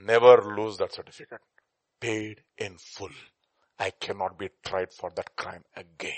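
A man preaching an animated sermon, acting out scenes and shifting between loud outbursts and quiet asides. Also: fairly low pitch, unhurried. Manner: dramatic, acts out scenes with shouted voices.

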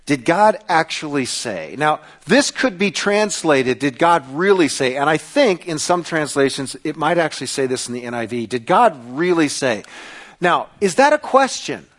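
A man preaching a sermon, with a hushed tone in prayer and lively questions and mock voices in his teaching. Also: a little high, moderate pace. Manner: animated, mimics mocking voices, rhetorical questions. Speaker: pastor.

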